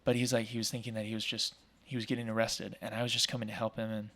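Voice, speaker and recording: Energetic talkative man telling a story. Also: lowish voice, very fast. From Oregon, US. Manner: energetic, talkative, acts out quoted voices; frequent fillers like "like" and "um". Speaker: podcast guest, small business owner. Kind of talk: casual storytelling in an interview.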